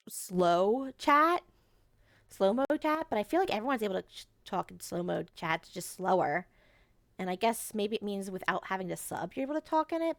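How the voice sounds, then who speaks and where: A woman's voice: medium pitch, dry recording. Chatty woman streaming a game. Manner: chatty, rambling, many "like" fillers. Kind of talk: casual game-stream commentary.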